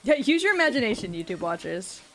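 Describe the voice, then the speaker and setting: A woman's voice: medium pitch, sing-song, quick pace, fairly bright tone, slight background noise. A woman streamer chatting casually with her viewers while gaming, giggly and chatty, swearing often.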